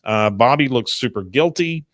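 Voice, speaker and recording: A man's voice: mid-range voice, animated, moderate pace, fairly bright tone, dry recording, clean studio sound. A man hosting a podcast, casually recapping an episode with lots of fillers and acted-out scenes. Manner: many fillers, acts out scenes. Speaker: podcast host. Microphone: desk mic.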